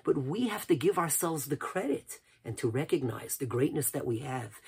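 Male preacher, very breathy husky voice, impassioned sermon that jumps between shouts and hushed asides. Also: medium pitch, animated, a little fast, few pauses. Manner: impassioned, swings from loud cries to near whispers. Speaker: rabbi.

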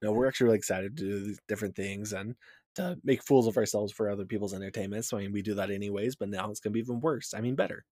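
Low-voiced relaxed male co-host. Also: no room sound, clean studio sound. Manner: easygoing, halting, frequent "um" and "I am" fillers. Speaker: podcast co-host. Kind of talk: casual chat.

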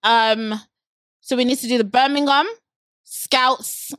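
A woman's voice: on the high side, steady tone, slow pace, fairly bright tone, no room sound. A woman from Nigeria hosting a casual chat show, teasing her guest and laughing often. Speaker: host.

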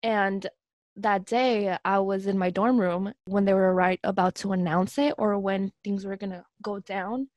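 A woman's voice: mid-range voice, steady tone, a little slow, darkish tone, no room sound. A young woman in a casual chat, speaking in an earnest, reflective way.

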